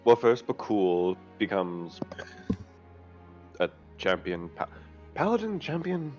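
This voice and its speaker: A man plays a tabletop game in a lowish, lively voice, with sardonic asides. His audio sounds dull and lo-fi, and faint music runs behind him. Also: takes it slowly. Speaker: player. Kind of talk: casual tabletop play.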